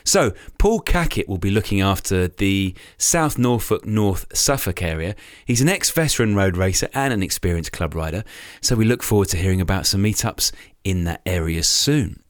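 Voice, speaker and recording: A man's voice: low voice, sing-song, normal speed, no room sound, studio quality. A man hosting a cycling club podcast in an upbeat, chatty way. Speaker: podcast host, club chairman. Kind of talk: casual podcast chat.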